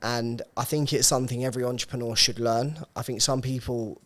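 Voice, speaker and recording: A man's voice: mid-range voice, fairly even intonation, a little fast, a bit bright. A man co-hosting a podcast, telling stories in casual, chatty talk with the odd swear word. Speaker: podcast co-host.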